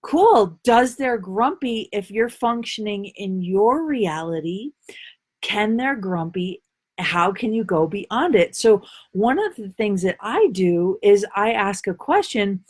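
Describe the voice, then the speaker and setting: A woman life coach talking casually on a live stream, answering viewer comments in a playful, bubbly way with frequent laughter and a loose, rambling delivery. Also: mid-range voice.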